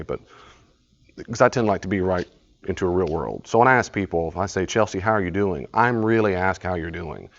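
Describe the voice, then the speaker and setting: A man with a low voice leads a study group in an easy, informal way. He tells stories, acts out conversations and often laughs. The live recording is dull and lo-fi. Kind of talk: informal teaching talk.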